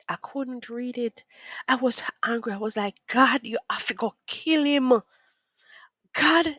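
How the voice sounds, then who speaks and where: A woman's voice: lowish voice, no echo. A woman telling a personal story in an earnest vlog monologue, repeating words and slipping into preachy church-style asides.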